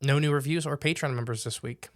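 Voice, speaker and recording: A man co-hosting a podcast in casual chat, chiming in quickly over his partner. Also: mid-range voice. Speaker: podcast co-host.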